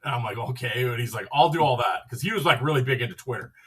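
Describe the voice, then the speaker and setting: A man hosts a podcast and tells a loose, rambling story, slipping into the other people's lines as he goes. His voice is husky, at a middle pitch for a man. He sits a little back from the microphone. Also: fast talker, fairly bright tone, far from the mic. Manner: rambling, acts out quoted dialogue with "I'm like". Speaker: podcast host. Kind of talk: casual storytelling.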